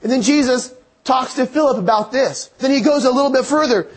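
A man's voice: very high-pitched, a little fast. A man preaching a sermon in an earnest, conversational way, quoting scripture and telling stories.

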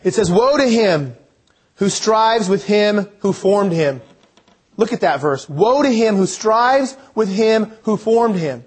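A man preaching a sermon, earnest, asking his listeners questions and reading scripture out slowly. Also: high-pitched, animated, husky.

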